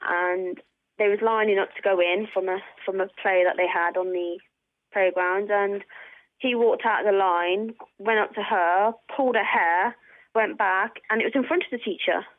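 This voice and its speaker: A woman's voice: medium pitch, fairly even intonation, moderate pace, dry recording. A woman calling in to a radio show, upset and hesitant, repeating her words as she tells her story. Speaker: caller. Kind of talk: phone-in call. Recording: tinny phone line.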